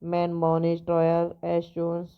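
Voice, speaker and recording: Flat, gravelly-voiced woman reading credits. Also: on the low side. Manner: halting, stumbling reading with restarts. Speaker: movie review channel host. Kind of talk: reading out film credits and facts. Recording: dull lo-fi recording.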